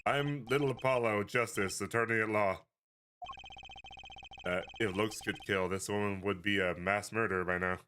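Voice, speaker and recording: A man's voice: on the low side, fairly even intonation, normal speed, bright, forceful tone. A man voicing a nervous young male defense attorney in a jittery, hesitant way, close to his own voice.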